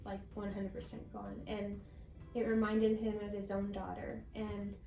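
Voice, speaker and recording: A woman guest sharing a personal faith testimony in an interview, telling her story slowly and from the heart. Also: mid-range voice, completely flat delivery, vocal fry, dark tone, roomy sound, soft background music, rough recording. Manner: slow, heartfelt storytelling with many pauses.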